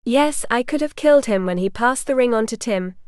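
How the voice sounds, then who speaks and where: A woman's voice: on the high side, expressive, brisk, clear, resonant tone, no room sound, clean studio sound, natural voice. A woman voicing an ancient, stern male vampire who speaks in stiff, formal sentences without contractions. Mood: grave.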